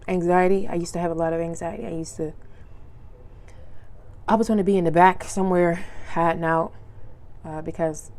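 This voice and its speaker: A young woman hosts her own podcast and talks casually and freely, with a slightly low voice. Her speech is loose and slangy. She tells stories from her life and acts out the lines of the people in them. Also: creaky, darkish tone. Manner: chatty storyteller, acts out quotes, laughs often. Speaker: podcast host. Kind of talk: casual solo podcast monologue.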